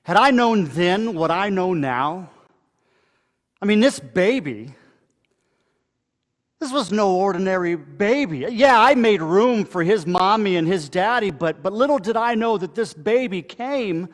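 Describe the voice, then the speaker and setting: A somewhat high-voiced man speaks as a pastor in a church sanctuary, giving a dramatic first-person monologue. His delivery is conversational, full of halting pauses and restarts. His voice rings through a hall with a long, trailing reverb. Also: lively intonation.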